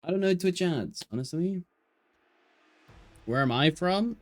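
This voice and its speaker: A man's voice: high voice, lively intonation, a little slow. A young man with an English Midlands accent, chatting and joking casually as an esports caster on a live stream.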